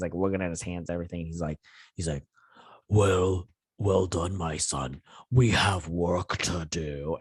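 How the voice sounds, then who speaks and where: A man with a lowish voice rambles through an episode recap, piling up fillers and acting out quoted lines as he goes. The sound is dry and close, with no room around it. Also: no echo. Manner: rambling, filler-heavy retelling with quoted lines and mild cursing. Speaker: host of a TV review channel. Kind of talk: casual episode recap and review.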